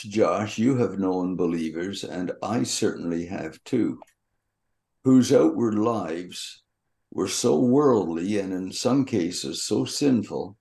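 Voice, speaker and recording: An older man on a Bible podcast, slowly teaching and reading scripture aloud in a measured way. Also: on the low side, gravelly, mellow.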